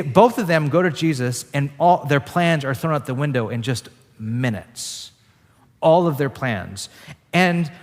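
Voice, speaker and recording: A male pastor preaching in a loose, conversational way, dropping in "like" as he goes. His voice sits at an ordinary middle pitch and trails off into the long reverb of a church hall. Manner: casual, conversational preaching with frequent "like" fillers. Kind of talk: sermon.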